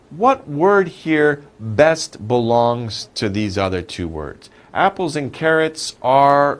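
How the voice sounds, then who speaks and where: A male English teacher talks through a lesson at an unhurried pace. His pitch moves a lot as he stresses key words. He asks questions and then answers them himself, patient and repetitive. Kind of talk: slow, animated vocabulary lesson.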